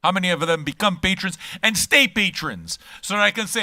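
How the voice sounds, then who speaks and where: An older man talks in a blunt, teasing, profane way as a channel host. His voice sits a bit high and sounds bright and forceful. The sound is dry and close. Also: expressive, fast talker, few pauses, no room sound. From Quebec. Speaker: music reaction channel host. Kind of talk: casual chat.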